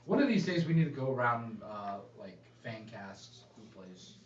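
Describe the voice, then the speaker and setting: A man who plays in a tabletop game, chatting in an animated, jokey way. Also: medium pitch, normal speed. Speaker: player. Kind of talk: casual chat between game sessions. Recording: dull, echoey room audio from a distance.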